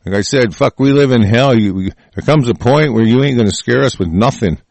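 A man in a profane, furious rant reacting to the news, full of halting restarts. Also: medium pitch, vocal fry, darkish tone, dry recording.

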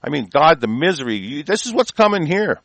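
A man's voice: a little high, big pitch swings, brisk, creaky, fairly bright tone, dry recording. A man from the United States delivering an angry political rant, profane and combative throughout.

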